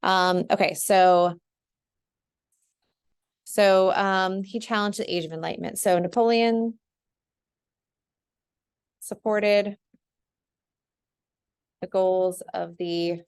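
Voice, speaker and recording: A woman's voice: mid-range voice, steady tone, slow pace, pauses often, clean tone. A young woman teacher talking through an essay outline on screen, chatty and full of ums and "right?". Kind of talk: casual screen-share lesson.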